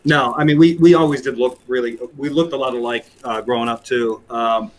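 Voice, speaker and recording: A man's voice: medium pitch, fairly even intonation, brisk. A man talking in a casual chat as a guest, hesitant, with frequent restarts. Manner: hesitant, many restarts and ums.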